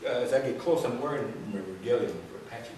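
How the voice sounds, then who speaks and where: A man's voice: mid-range voice, fast talker, darkish tone, a little hiss or hum. A middle-aged man from Texas giving a presentation, telling anecdotes with acted quotes and laughter. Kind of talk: storytelling talk to an audience. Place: large room with audience. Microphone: distant room mic. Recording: echoey room recorded from far off.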